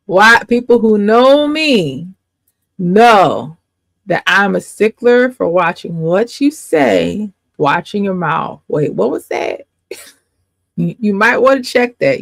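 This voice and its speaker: Gravelly, emphatic woman faith coach. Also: mid-range voice, lively intonation, dry recording. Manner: emphatic, repeats points, quick asides and laughs. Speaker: life coach and faith teacher. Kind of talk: casual faith teaching to camera.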